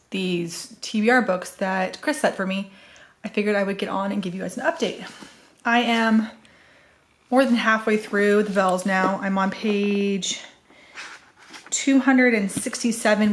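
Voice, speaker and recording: Chatty American woman book vlogger. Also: mid-range voice. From US Northwest. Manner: rambling, chatty, with fillers and self-corrections. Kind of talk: casual chat.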